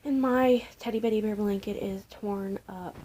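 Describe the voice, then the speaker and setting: A woman's voice: mid-range voice, fairly even intonation, moderate pace, warm tone, low-quality recording. A young woman vlogging casually from home in a rambling, chatty way, sometimes dropping to a near-whisper. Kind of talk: casual chat. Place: home, indoors. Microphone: camera mic.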